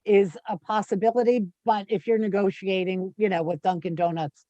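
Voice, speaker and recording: A woman board member gives measured advice over a video call. The sound is dry and a little muffled. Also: medium pitch, steady tone, dark tone, no room sound. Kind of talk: public meeting discussion.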